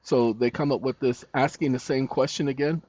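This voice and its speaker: A man hosting casual screen-recording commentary, animated and scolding as he talks to a chatbot and his viewers. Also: mid-range voice, fairly quick. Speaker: channel host. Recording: dull dry lo-fi mic.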